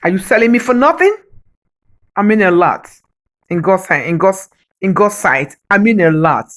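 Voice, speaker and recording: A woman's voice: medium pitch, animated, normal speed. A woman giving an emotional, preacher-like spoken appeal, pleading and repeating phrases for emphasis. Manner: emotional, says her heart is broken. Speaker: vlogger.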